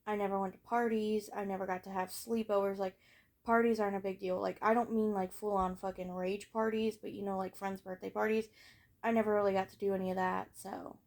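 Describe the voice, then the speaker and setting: Frank, rambling teenage girl with gravelly edge. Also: medium pitch, little pitch movement, fairly quick, a little mellow. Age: late teens. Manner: frank and rambling, frequent swearing and fillers. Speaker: vlogger. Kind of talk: casual personal storytelling.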